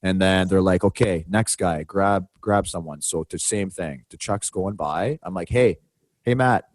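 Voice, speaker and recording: Man, podcast co-host, lowish voice, lively storytelling, dry close mic. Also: unhurried, dry recording. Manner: animated, acts out quotes in raised voice. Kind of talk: casual storytelling chat.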